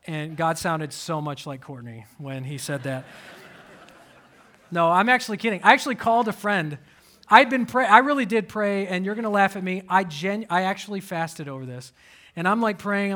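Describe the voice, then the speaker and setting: A man in his thirties preaching a sermon, telling personal stories with animated swings and sudden soft asides. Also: sits high. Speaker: pastor.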